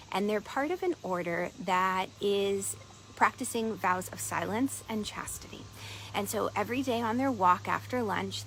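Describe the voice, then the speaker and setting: A woman coach telling a parable and guiding listeners through a centering exercise at an unhurried storytelling pace. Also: mid-range voice, fairly bright tone, a little hiss or hum, low-quality recording. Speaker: productivity and meditation coach. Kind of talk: storytelling talk on mindfulness.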